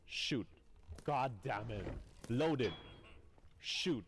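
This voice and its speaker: A young man streaming a game as a VTuber, chatting casually, teasing his guest and shouting at the game. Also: medium pitch, wildly swooping pitch, takes it slowly, long pauses. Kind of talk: casual gaming livestream chat.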